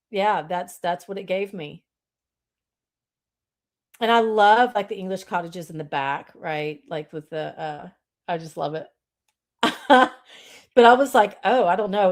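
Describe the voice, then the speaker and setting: A woman hosts a relaxed live stream. She rambles in a friendly, conversational way and keeps addressing her audience as y'all. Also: fairly high pitch. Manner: chatty, greets viewers, says y'all. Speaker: livestream host. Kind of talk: casual live stream chat.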